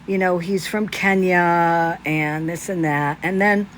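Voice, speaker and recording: A woman's voice: on the low side, steady tone, takes it slowly, slight background noise. A woman ranting in casual commentary on a phone livestream, indignant and piling up rhetorical questions.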